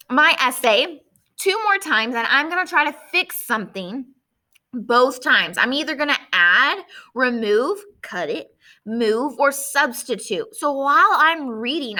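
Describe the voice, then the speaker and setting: Bright high-voiced woman teacher. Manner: friendly, thinking aloud while reading her own essay. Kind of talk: classroom lesson for children at home.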